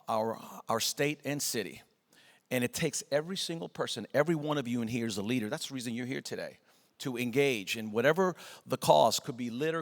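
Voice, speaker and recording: A man hosting a business leadership event, giving an encouraging welcome and introducing the speaker. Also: medium pitch. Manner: builds to an energetic, hyped-up introduction. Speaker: event host. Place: large event hall. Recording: reverberant hall.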